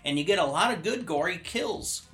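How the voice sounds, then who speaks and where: A man co-hosting a podcast, casually recapping a horror movie plot and tossing in quick character voices. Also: high voice, lively intonation, fairly bright tone, faint music behind. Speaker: podcast co-host. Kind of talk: casual movie review chat.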